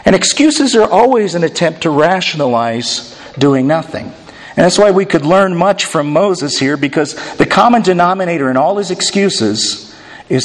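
男牧师布道，声音偏高，大厅混响明显. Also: male voice, fairly high pitch, expressive, normal speed. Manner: conversational preaching, dry asides. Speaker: pastor. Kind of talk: sermon. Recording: long hall reverb.

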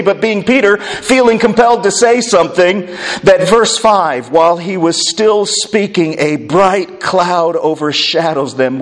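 A man preaching a sermon, swinging between emphatic declarations and hushed, slow phrases. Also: high voice. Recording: long reverb of a large hall.

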